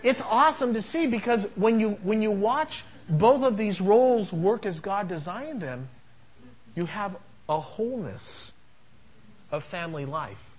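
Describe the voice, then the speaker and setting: A man's voice: high-pitched, expressive, measured pace, low-quality recording. A middle-aged man preaching a sermon, telling family anecdotes and acting out both sides of conversations with humor. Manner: anecdotal, jokey, acts out dialogue. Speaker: pastor.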